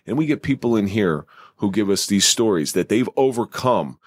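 A man's voice: fairly low pitch, expressive, normal speed, dry recording, clean studio sound. A man hosting a podcast, chatting in a wisecracking, earthy way. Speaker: podcast host. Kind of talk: casual chat.

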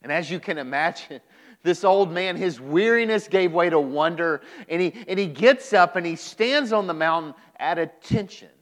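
A male pastor delivering a podcast sermon, telling a story dramatically with pauses and repeated words. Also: on the high side, animated, fairly bright tone.

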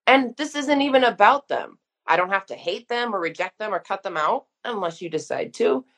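A woman's voice: medium pitch, expressive, normal speed, fairly bright tone. A woman in her thirties speaking frankly and emphatically as a guest in a casual conversation. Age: 30s. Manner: frank, emphatic, uses mild swearing. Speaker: guest therapist.

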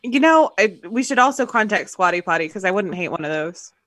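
A woman's voice: medium pitch, lively intonation, brisk, a bit bright, no echo. Giggly woman podcast co-host. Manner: giggly, playful banter. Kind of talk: casual chat.

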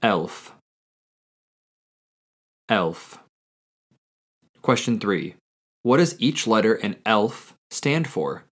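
A man hosting a language-learning podcast, reading a quiz and repeating each answer slowly and carefully. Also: on the low side, very animated. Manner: slow, careful repetition of answers. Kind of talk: scripted language lesson quiz.

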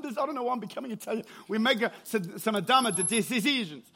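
High-voiced pastor preaching. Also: male voice, fast talker. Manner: energetic preaching, builds to shouts then drops low and quiet. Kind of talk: sermon.

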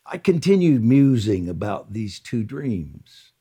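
A man reading a prayer account aloud in a slow, earnest devotional style, lifting his voice on quoted lines. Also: on the low side, very animated, gravelly, a little mellow, breathy edge.

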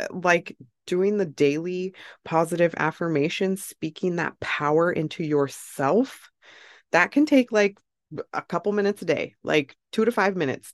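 Female podcast host, measured and unhurried, emphatic and repetitive, recorded dry and close. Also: mid-range voice, no echo. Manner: emphatic, repeats herself, says okay and like often. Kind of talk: casual motivational monologue.

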